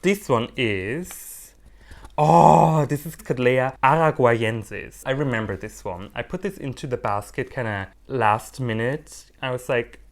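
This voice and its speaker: A man vlogging casually as he unboxes plants, animated, playful and quick to mock himself. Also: mid-range voice. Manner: animated, playful and self-mocking. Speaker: orchid hobbyist vlogger.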